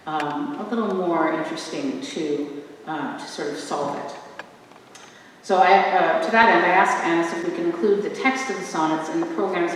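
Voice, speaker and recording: A woman's voice: lowish voice, slight background noise. A woman introducing and reciting sonnets at a church event, thoughtful, with fillers and asides. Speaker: reader at a church arts event. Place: church hall. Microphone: room mic from a distance. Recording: echoey church from far off.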